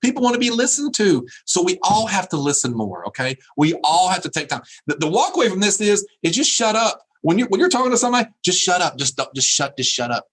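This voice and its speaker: Middle-aged man, keynote speaker. Husky, lively delivery, a bit high. Laughs at his own jokes and repeats words for punch. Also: fast, hardly any pauses, poor audio. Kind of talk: humorous keynote speech.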